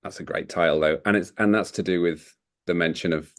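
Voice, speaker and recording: Guy with a lowish voice rambling on a podcast, laughs a lot, casual chat. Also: steady tone, a little fast. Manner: chatty, rambling, laughs often. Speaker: podcast co-host. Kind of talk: casual film discussion.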